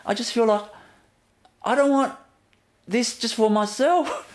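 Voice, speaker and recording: A man giving a gentle inspirational talk as a spiritual teacher, often laughing softly and leaning on "you know" as he repeats himself. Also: very high-pitched, a little slow, pauses often. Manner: repetitive, fills with "you know".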